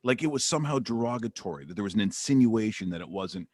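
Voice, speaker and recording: A middle-aged man hosting a sports radio show, telling rambling stories in an animated way. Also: lowish voice, fast talker, no echo. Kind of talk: radio interview chat.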